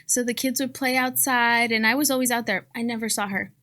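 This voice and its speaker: A woman in her thirties with a Southern Californian accent, co-hosting a podcast and telling a story in a casual, animated way, often laughing. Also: fairly high pitch, brisk. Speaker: podcast co-host.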